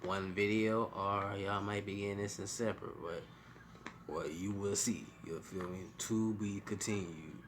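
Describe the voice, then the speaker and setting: Deep-voiced man hosting a reaction stream. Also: fairly even intonation, unhurried, noisy background. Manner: loose, profane, slangy. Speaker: reaction channel host. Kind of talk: casual reaction commentary.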